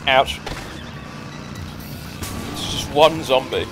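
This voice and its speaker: A man's voice: mid-range voice, drawn-out words, over music. A man casually commenting on his gameplay, sarcastic, easily annoyed and swearing a lot. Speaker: let's play gamer.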